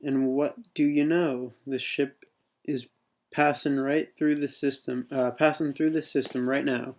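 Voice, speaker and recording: A man's voice: mid-range voice, steady tone, a little slow, lightly acted. Man reading as a big bounty hunter boss. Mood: explaining. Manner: loud blurting outbursts. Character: huge boisterous male bounty hunter leader.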